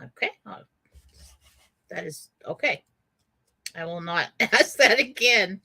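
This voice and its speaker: A woman's voice: on the low side, expressive, slow pace, vocal fry, bright, forceful tone, slightly rough. A woman radio host telling a personal story in a casual way, with many fillers and frequent laughs.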